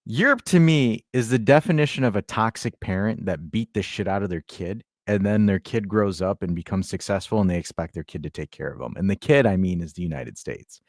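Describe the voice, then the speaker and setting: A man's voice: lowish voice, fairly quick, few pauses, no echo, clean studio sound. A man hosting a podcast, joking in casual chat and stumbling over his words. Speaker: podcast host.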